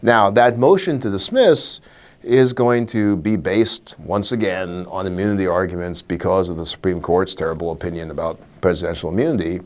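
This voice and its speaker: Low-voiced wry male legal commentator. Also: normal speed. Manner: wry, animated, with short laughs and fillers. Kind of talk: solo video commentary.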